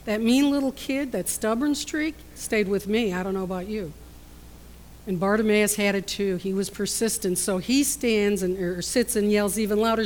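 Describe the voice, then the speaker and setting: A woman preaching a sermon in a storytelling way, swinging between loud emphasis and hushed, quiet passages. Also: mid-range voice, normal speed, slight background noise.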